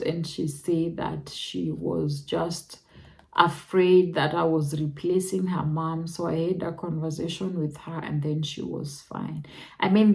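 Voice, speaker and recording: A young Kenyan woman with a Kenyan accent, telling her own story in a reflective, emotional way that jumps to high exclamations. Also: darkish tone. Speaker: vlogger. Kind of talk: personal storytelling.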